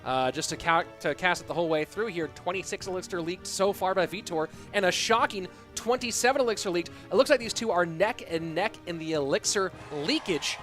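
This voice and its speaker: A young man with a high, bright-pitched voice calls a live esports match. He cracks jokes and answers chat questions between the action. Faint music plays in the background. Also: fairly quick, hardly any pauses. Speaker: esports caster. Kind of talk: live game commentary and reading chat.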